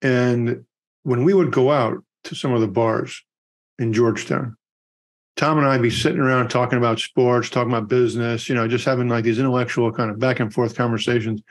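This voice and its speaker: A middle-aged man co-hosts a podcast, speaking in a mid-range voice with fairly even intonation and a fairly quick pace. He chats casually and spins long, rambling anecdotes packed with fillers.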